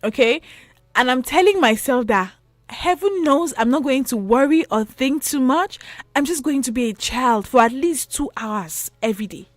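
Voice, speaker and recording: A woman's voice: sits high, lively intonation, moderate pace, dry recording. Chatty Nigerian woman radio host. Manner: chatty, repetitive, pleading asides. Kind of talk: late-night radio talk on relationships. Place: radio studio. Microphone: studio microphone.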